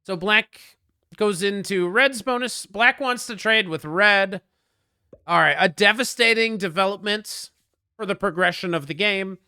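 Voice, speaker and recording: Chatty streamer with a bright, crisp voice. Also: male voice, high-pitched, measured pace, no echo, clean studio sound. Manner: chatty, joking, answers chat, gets loud when frustrated. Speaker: game streamer. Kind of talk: casual strategy commentary.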